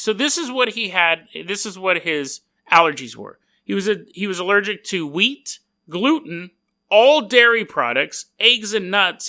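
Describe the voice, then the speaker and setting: Bright high-voiced rambling male podcaster. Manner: rambling, self-deprecating, jokey asides. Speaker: podcast host. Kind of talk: casual storytelling podcast.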